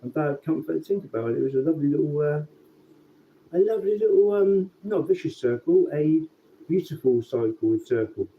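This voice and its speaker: A man telling a rambling, sweary story in a casual, relaxed way. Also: on the high side, a little fast, creaky. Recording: tinny phone-like sound with faint background noise.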